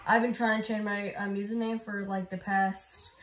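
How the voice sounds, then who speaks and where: A woman's voice: mid-range voice, level tone, moderate pace, background noise. A woman chatting casually to her viewers in a rambling way, full of fillers, recorded on a phone. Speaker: YouTuber. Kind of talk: casual vlog chat. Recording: roomy with background music.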